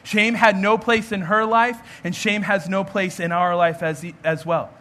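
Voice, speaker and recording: Bright high-voiced man preaching. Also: steady tone, unhurried. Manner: earnest, storytelling, acts out quoted voices. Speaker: pastor. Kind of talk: sermon.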